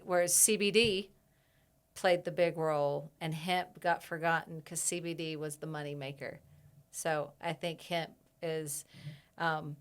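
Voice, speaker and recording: A woman herbalist in a casual podcast interview, reflective, pausing often with fillers and laughing easily. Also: sits low, smooth. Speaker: herbalist guest.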